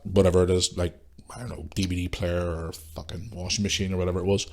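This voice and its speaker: A man with a fairly low voice rants on his podcast and swears freely. He sounds like he has a cold, and his talk is blunt and casual. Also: flat delivery, very fast. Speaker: podcast host. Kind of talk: casual ranting monologue.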